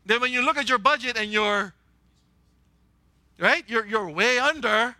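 A male pastor preaching an animated, humorous sermon and acting out quoted voices. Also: very high-pitched, measured pace, dry recording.

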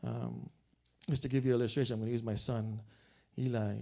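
A man's voice: medium pitch, big pitch swings, brisk, creaky, mellow. A man preaching a sermon as a pastor, telling family stories in a joking, chuckling way. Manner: joking storyteller, chuckles often.

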